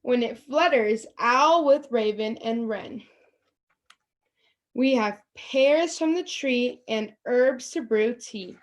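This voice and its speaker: Woman, storytime reader on a video call. Slow, higher-pitched and expressive, with chatty asides to the kids. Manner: slow, expressive read-aloud with pointing asides. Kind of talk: reading a picture book aloud to children.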